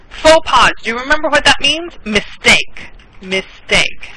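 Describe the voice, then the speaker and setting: Slow, patient American woman tutor. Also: on the high side, low-quality recording. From United States. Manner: patient, repeats words slowly, laughs often. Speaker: English tutor. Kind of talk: online English class. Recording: steady background noise with clicks.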